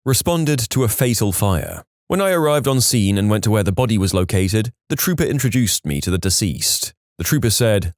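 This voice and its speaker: A man's voice: lowish voice, expressive, moderate pace, few pauses, dry recording, clean studio sound. A man narrating submitted stories in a scripted storytime style, wry, with joking asides between stories.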